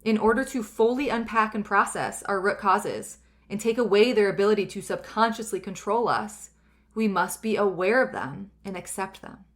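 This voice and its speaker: A woman in her thirties talks through a self-help podcast episode in a loose, rambling way. She keeps reaching for fillers and circling back on her points. Her tone stays earnest and gentle, and her voice sits at an ordinary middle pitch. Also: moderate pace. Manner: chatty and rambling, many fillers. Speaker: podcast host.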